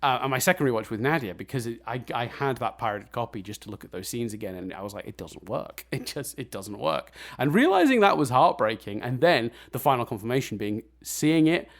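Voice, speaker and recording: A man co-hosting a casual film review podcast, animated and blunt, swearing and laughing often. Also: mid-range voice, fast, few pauses. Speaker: podcast co-host.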